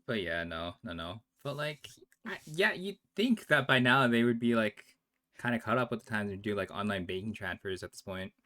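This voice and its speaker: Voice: medium pitch, animated, normal speed, fairly bright tone. A friend on a live stream chatting casually, reacting with slang and swearing freely. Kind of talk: casual chat.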